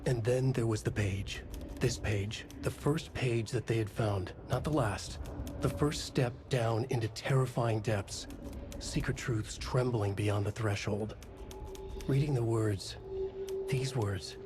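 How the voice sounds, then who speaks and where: An actor narrating a dark mystery game as a brooding male writer, in a dramatic, literary voice. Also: mid-range voice, takes it slowly, music in the background, close to an everyday voice.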